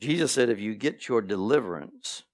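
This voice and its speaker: A man preaching a sermon to his congregation, animated and repeating key phrases, with playful asides. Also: on the low side, moderate pace. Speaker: pastor. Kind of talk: sermon teaching. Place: church sanctuary.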